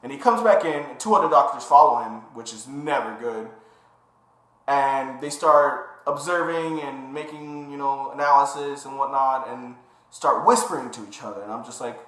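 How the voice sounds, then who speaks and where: A young man speaks at a middle pitch, casually telling his own story to the camera. He acts out quoted dialogue as he goes, and his voice carries a noticeable echo from the room. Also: normal speed. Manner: animated retelling, acting out quoted dialogue. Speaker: vlogger. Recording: roomy echo.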